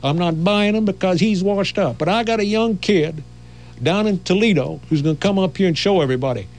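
A man voicing a gruff, stubborn older male team owner with a Southern accent, speaking bluntly. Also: high-pitched, a little fast, pitched above the performer's own voice. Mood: dismissive.

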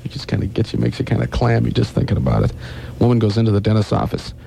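A low, gravelly man's voice with a dark, mellow tone. He hosts a radio morning show and tells long jokes, slipping into quick character voices as he goes. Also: a little hiss or hum. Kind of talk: joke telling on radio.

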